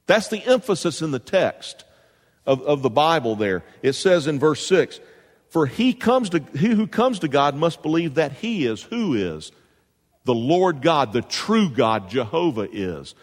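A man's voice: on the high side, in a large hall. A man preaching a sermon to a congregation, rising into emphatic bursts and asking the room questions. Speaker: pastor. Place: church sanctuary.

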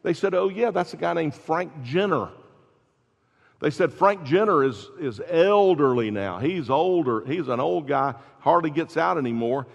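A man preaching a sermon as pastor, telling stories with rising intensity and quiet drops. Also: on the high side, a little slow, vocal fry. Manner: animated storytelling, builds to loud peaks then drops soft. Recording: dull lo-fi recording in a large reverberant hall.

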